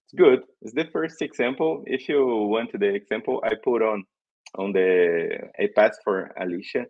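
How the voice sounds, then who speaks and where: A man from Brazil with a Brazilian Portuguese accent, presenting a live coding demo in halting English, searching for words. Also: fairly low pitch, lo-fi sound.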